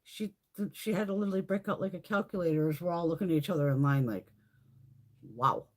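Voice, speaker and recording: A middle-aged woman hosting a casual live chat, telling stories in a profane, animated way and laughing often. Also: on the low side, fast. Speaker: livestream host.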